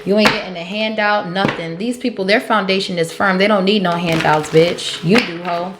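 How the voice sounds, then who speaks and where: A woman's voice: mid-range voice, fairly even intonation, moderate pace, very noisy. A woman giving a collective tarot reading, blunt and profane, laughing often as she calls out the cards. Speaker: tarot reader. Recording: roomy echo with faint music.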